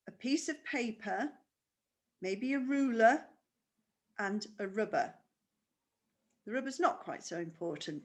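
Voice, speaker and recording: A woman's voice: on the high side, a bit bright. A woman teaching a primary school music lesson online, patient and explaining step by step with questions.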